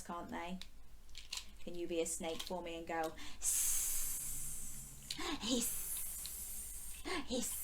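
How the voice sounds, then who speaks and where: Very slow, lively-voiced woman teaching phonics. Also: lowish voice, slight background noise. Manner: animated, sing-song, gasping with exaggerated surprise; drawn-out letter sounds. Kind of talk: interactive lesson for young children.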